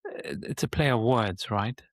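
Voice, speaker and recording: A man hosting a podcast, asking questions in a halting, searching way. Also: medium pitch, no echo, studio quality. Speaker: podcast host. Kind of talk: conversational interview.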